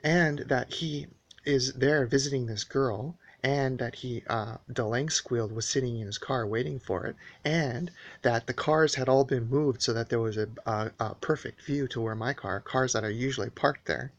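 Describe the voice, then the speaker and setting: Man, gravelly voice, mid pitch, casual monologue, hesitant, lots of fillers, aggrieved tone. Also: normal speed, lo-fi sound. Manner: rambling, hesitant, many uh and um fillers; earnest, aggrieved retelling. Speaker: vlogger recounting a personal dispute.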